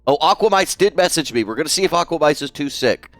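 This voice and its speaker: A man's voice: fairly high pitch, expressive, fast talker, no echo, faint music behind. A man live-streaming while he draws, chatting casually, swearing freely and reading out viewers' messages. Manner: chatty, swears freely, reads chat aloud.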